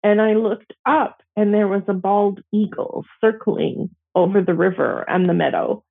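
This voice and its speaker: A middle-aged woman, a Métis elder, slowly and gently telling a personal story with emotional pauses. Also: mid-range voice, vocal fry. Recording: tinny phone-like audio.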